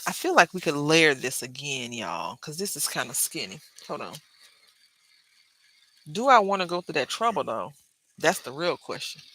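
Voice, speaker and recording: A woman with a husky, sharp-toned voice that sits low and swings widely in pitch speaks at a normal speed. She hosts her crafting channel from her craft desk, chatting casually and directly to viewers and chat while laughing often.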